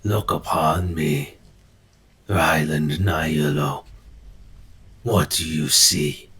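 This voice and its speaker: A man voicing a solemn male cultist with unblinking yellow eyes, speaking slowly and gravely as if preaching. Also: very deep voice, heavily acted.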